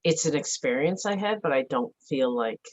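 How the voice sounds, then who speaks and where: A woman's voice: low-pitched, animated, moderate pace. A middle-aged woman speaking earnestly and reflectively as an interview guest, with frequent "like" fillers. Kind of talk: candid conversational interview. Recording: dull lo-fi audio.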